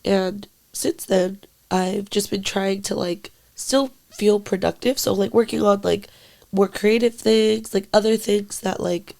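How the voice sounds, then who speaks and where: A young woman with a gravelly, fry-tinged voice, talking in casual podcast chat. She speaks haltingly, filling her sentences with "like" and the odd swear word. Her delivery is quiet and emotional, sometimes falling almost to a whisper. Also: medium pitch, fairly even intonation. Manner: halting, full of "like" and frequent swearing. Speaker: podcast co-host.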